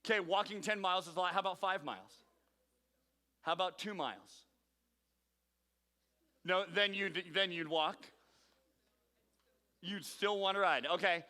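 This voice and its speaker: Upbeat youth pastor in a big hall. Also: male voice, high voice, unhurried, pauses often, pushed and bright. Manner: upbeat, calls on teens by name, playful teasing. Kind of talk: leading a youth group game. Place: large hall with audience. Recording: long reverb from a large hall.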